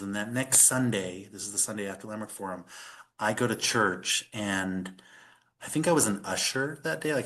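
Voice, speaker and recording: A man's voice: lowish voice, fairly bright tone. A middle-aged man, a podcast guest, telling a personal story in earnest conversation, with many fillers.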